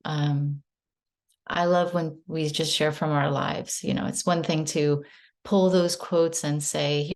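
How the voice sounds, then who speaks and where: A woman's voice: deep voice, steady tone, slow, a little mellow. A woman in her thirties candidly sharing a personal story in a casual spiritual group chat on a video call, rambling and self-reflective.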